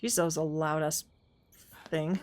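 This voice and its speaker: A woman's voice: sits low, fairly even intonation, a little slow, a little mellow, a little hiss or hum. Giggly, rambling young woman streamer. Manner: rambling, giggly, lots of fillers. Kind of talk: casual gaming commentary.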